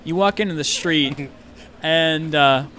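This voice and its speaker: A man's voice: a little high, slow pace, a crowd in the background. A man narrating a tabletop game as game master, casual and rambling with many fillers.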